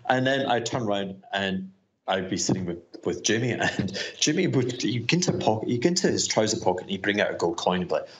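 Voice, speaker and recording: Man, very deep voice, loose chuckling storyteller, recorded question. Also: lively intonation, fast. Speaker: guest asking a recorded question. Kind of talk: anecdotal storytelling.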